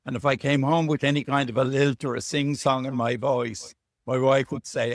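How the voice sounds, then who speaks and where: Irish male author, mid-pitch, chatty storyteller, dry recording. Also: steady tone, normal speed, dry recording. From Ireland. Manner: chatty, anecdotal, self-deprecating. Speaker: author guest. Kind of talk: relaxed storytelling interview. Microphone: video call.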